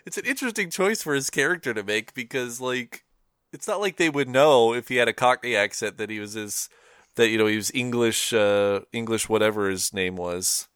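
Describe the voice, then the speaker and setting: This co-host's mid-range voice is a bit bright and clean, moving at a moderate pace in studio-quality audio with no echo. He chats casually about movies, rambling, filling pauses, and laughing frequently.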